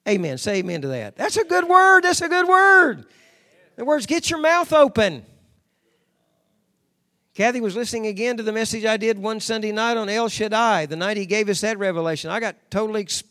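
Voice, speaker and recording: Male pastor, high voice, preaching style that swings from hushed asides to shouted declarations and calls for amen. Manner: swings from low intimate tones to loud shouted declarations; repeats phrases for emphasis, calls for amens. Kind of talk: sermon.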